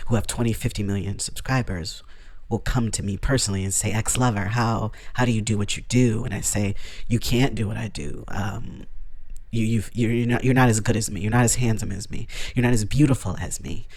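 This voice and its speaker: A man's voice: fairly low pitch, fairly even intonation, fairly quick, darkish tone, no room sound. A man making a reaction video, commenting in a boastful, mock-serious, sarcastic way. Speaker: YouTuber.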